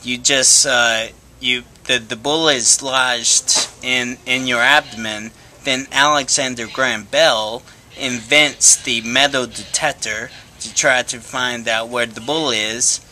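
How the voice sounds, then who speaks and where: A man's voice: medium pitch, steady tone, slow, hardly any pauses, sharp tone, slight background noise. A man telling absurd jokes in a dry, matter-of-fact way, now and then stumbling over his words. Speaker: stand-up comic. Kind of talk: deadpan joke telling.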